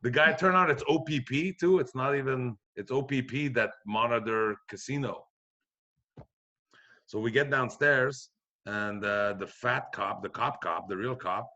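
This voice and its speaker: A middle-aged man from Quebec telling a profane, animated anecdote on a podcast, acting out the other people's voices. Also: mid-range voice. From Quebec, Canada. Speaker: podcast guest comedian. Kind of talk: storytelling anecdote.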